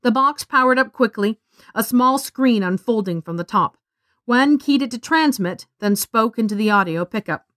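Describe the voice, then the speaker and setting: A woman reading a science fiction story aloud as narrator, in a steady storytelling voice on a close studio mic. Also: medium pitch, moderate pace, no echo. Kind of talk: scripted narration.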